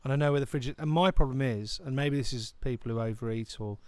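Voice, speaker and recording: Smooth-voiced man, rambling podcast chat. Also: mid-range voice, fast talker, a little mellow, no room sound. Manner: rambling storyteller who slips into silly voices. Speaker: podcast co-host. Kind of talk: casual comedic chat.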